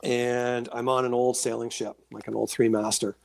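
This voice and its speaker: Gravelly man telling a story. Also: mid-range voice, normal speed, dry recording. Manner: animated storyteller, acts out voices and sounds. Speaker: guest, author and paranormal experiencer. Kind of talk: storytelling in a casual interview.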